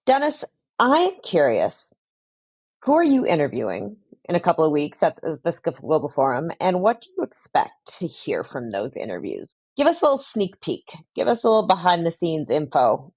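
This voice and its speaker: Lively woman co-hosting a podcast. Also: low-pitched, moderate pace, husky, no room sound. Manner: playful, teasing questions. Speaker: podcast co-host.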